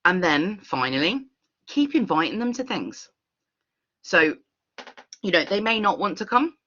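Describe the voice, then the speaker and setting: A woman leading an online workshop, talking in an expressive, earnest way over a video call. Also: on the low side, muffled recording. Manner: expressive, earnest, with quick laughs. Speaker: workshop facilitator.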